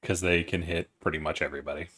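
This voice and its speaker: A man as game master, narrating a tabletop battle in a measured, matter-of-fact, sometimes profane way. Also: low voice, fairly even intonation, bright, forceful tone, breathy edge.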